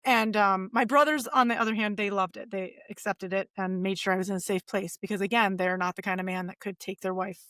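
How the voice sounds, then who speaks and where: A woman in her forties, a podcast guest, telling her life story in a lively, animated way and acting out the voices of people she quotes. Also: mid-range voice, fairly quick, hardly any pauses, dry recording, clean studio sound. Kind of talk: casual storytelling interview.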